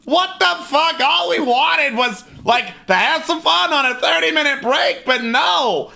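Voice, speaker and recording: A furious little goblin shouts his grievances in a high, sharp voice, as a man puts him on. He rants without pause, indignant at everyone around him. It's all part of a tabletop game. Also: gravelly, exaggerated voice. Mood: outraged. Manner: shouty, outraged rant. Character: indignant male goblin, loud and ranting.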